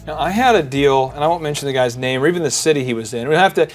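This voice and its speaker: A man's voice: a little high, very fast, faint music behind. A man hosting a business podcast, telling sales stories in casual chat and acting out the people he quotes. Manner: animated storyteller, acts out quoted callers. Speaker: podcast host.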